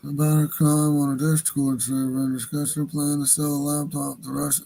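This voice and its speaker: A man's voice: on the high side, little pitch movement, a little fast, creaky, warm tone, low-quality recording. A Native American man hosting a livestream radio show, talking casually in a rambling, profane way and laughing at his own jokes.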